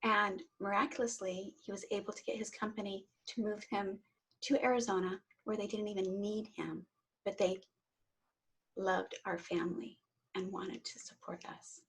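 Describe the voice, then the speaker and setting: A middle-aged woman with a husky, breathy voice pitched in the normal middle range. She speaks earnestly and with feeling, sharing her personal story as an interview guest. She often repeats words as she starts a sentence. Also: fairly even intonation, normal speed, fairly bright tone, low-quality recording. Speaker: interview guest, Reiki teacher.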